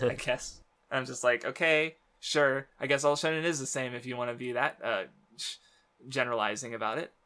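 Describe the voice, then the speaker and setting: Male podcast co-host, casual manga chat, bright voice, rambling with lots of fillers. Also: mid-range voice. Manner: rambling, many fillers and restarts.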